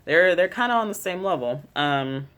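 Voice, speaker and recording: An excitable fan vlogger recaps a TV episode, talking loosely and swearing freely. The voice sits at a middling pitch. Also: moderate pace, highs cut off. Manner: chatty, profane, excitable.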